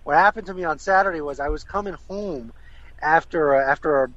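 A man from South Florida calling in to a talk show, telling stories in a halting, rambling way. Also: a little high, fairly bright tone, no room sound. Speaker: caller. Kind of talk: casual chat. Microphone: phone call. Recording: dull, dry phone-in line.

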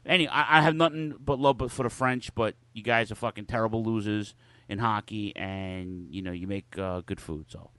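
A man's voice: on the low side, normal speed, sharp tone, no room sound. Podcast host, man, forties, foul-mouthed storyteller, dry close-mic sound. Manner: profane, loose storytelling with lots of cursing. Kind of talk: casual chat.

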